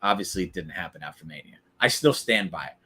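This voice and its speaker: A man's voice: low-pitched, expressive, fast, sharp tone, breathy edge. A man hosting a casual wrestling recap stream, chatty and opinionated, talking back to viewers in the chat. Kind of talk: casual live-stream commentary.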